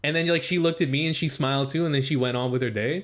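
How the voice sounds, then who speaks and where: Talking very fast in a slightly bright voice, a young podcast co-host spins a lengthy story during casual chat. "Like" comes up constantly, and he performs the quoted lines in a higher pitch.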